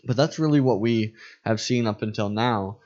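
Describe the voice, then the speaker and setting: A man's voice: fairly low pitch, moderate pace, darkish tone. Man chatting in a muffled, lo-fi recording. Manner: rambling, with many fillers and restarts. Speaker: podcast co-host. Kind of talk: casual Bible study chat.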